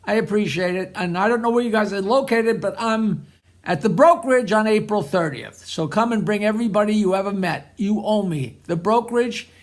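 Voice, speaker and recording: A man's voice: sits high, brisk. A man, a stand-up comedian, telling jokes in a recorded message and laughing at his own punchlines.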